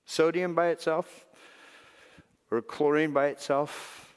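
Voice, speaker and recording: A male pastor preaching a sermon, swinging between loud emphatic lines and soft hushed ones. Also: a little high, fairly even intonation, slow, smooth. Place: church sanctuary. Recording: long reverb of a large hall.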